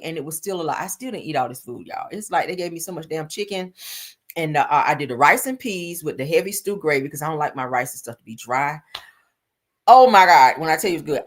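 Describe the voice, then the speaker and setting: A woman's voice: lowish voice, fairly bright tone. A middle-aged woman with hosting a live stream, chatting casually and saltily with her viewers and laughing often. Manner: chatty, salty, laughs often, talks to chat. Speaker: livestream host.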